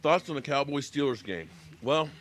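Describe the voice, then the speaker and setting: A man's voice: medium pitch, expressive, normal speed, fairly bright tone. An American man hosting a casual live sports reaction stream, chatting with viewers by name and talking while he eats.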